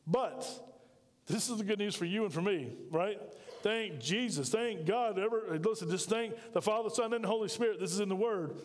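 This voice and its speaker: A man's voice: high voice, moderate pace. A man preaching a sermon to his congregation, folksy and emphatic, asking the church questions as he reads scripture. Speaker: pastor. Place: church sanctuary. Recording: long reverb of a church hall.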